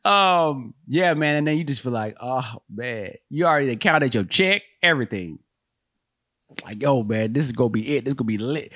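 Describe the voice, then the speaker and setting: A male podcast host rambles through comedic riffs, full of slang and quick laughter. His voice is bright and sits fairly high. His pitch jumps around a lot. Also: dry recording, studio quality. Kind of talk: casual comedic riffing.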